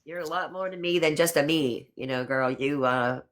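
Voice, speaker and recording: A middle-aged woman hosts a casual live stream, chatting warmly with her viewers and a friend. Her talk is loose and affectionate, full of "honey" and "girl.". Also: sits low, normal speed.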